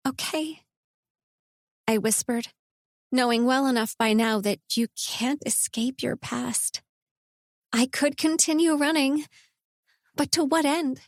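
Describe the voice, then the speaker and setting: A woman narrating a first-person romance audiobook in a measured, intimate reading. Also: high-pitched, steady tone, no room sound, clean studio sound.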